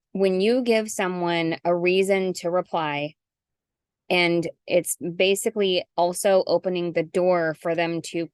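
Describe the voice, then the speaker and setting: A woman's voice: fairly low pitch, no echo, studio quality. Chatty woman coaching on a video call. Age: middle-aged. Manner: chatty, animated, acts out sample messages. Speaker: guest coach. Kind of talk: casual zoom call. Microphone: video call mic.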